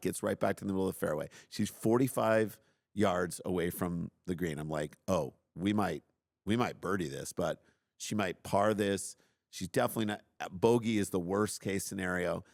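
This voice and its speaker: Middle-aged man, very low voice, dry close mic, animated self-mocking storyteller. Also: gravelly, dry recording. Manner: animated, self-deprecating, acts out his own outbursts. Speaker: podcast host telling a story. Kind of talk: casual storytelling.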